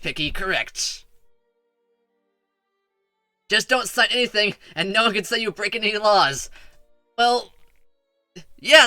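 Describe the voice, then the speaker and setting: A streamer with a high, strikingly bright and tense voice rambles through casual gameplay commentary, stuttering, repeating words and chatting with his viewers. The sound is dry and close with no echo and faint music underneath.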